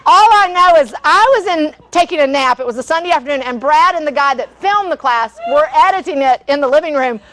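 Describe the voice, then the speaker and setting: Woman, middle-aged, high voice, laughing, rambling, cooking class. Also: fast, few pauses. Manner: chatty, laughing storyteller with many fillers. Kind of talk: live cooking demonstration with stories.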